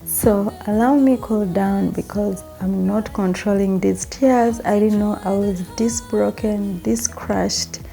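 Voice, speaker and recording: A woman's voice: medium pitch, fairly even intonation, slow pace, creaky, hardly any pauses, warm tone, soft background music. A young woman records a personal vlog, talking through tears and apologizing as she breaks down. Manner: tearful, breaking down. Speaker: vlogger.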